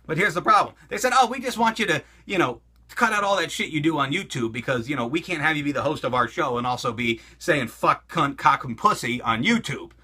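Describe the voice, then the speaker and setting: Loud, lively, bright-voiced swearing man. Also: fairly high pitch, a little fast, breathy edge. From United States. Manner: loud, crude and swearing, with laughs. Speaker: host answering viewer questions. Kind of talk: profane comedic Q&A monologue.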